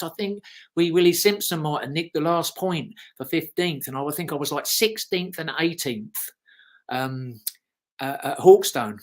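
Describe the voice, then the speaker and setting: A man's voice: fairly high pitch, a bit bright. British man telling rambling racing stories. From Britain. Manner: rambling anecdotal storytelling. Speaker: guest, former motocross racer. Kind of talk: casual interview.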